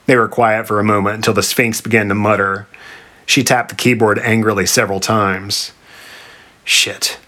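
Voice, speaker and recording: A man reads a comic story aloud in a dry, deadpan narrator's voice. His pitch sits low. The sound is bright and forward. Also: a little fast.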